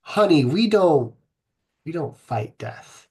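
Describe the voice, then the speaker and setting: A weary old father god, resigned and gentle, explaining why nothing can be done , played by a man. The voice is husky, slow and somewhat high for a man. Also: lively intonation, full character voice.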